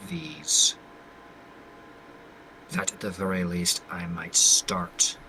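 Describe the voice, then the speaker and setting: Whispered role-play of a shaky, menacing winged man voiced by a guy, low and hushed, with a strained edge of barely kept control. the words come slow and breathy. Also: slight background noise, full character voice, low-quality recording. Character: trembling winged man, barely holding back rage.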